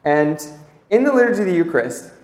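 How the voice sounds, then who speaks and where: A young man giving an informal religious talk to a group, earnest and reading scripture slowly and reflectively. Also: high voice, sing-song, a little mellow. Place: room with an audience. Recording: echoey room.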